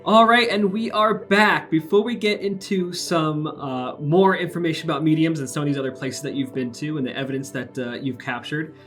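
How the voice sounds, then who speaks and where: A man hosting a podcast in a casual, easygoing way, often pausing with "uh". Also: a little high, steady tone, a bit bright, soft background music. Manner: easygoing, frequent "uh" fillers. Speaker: podcast host.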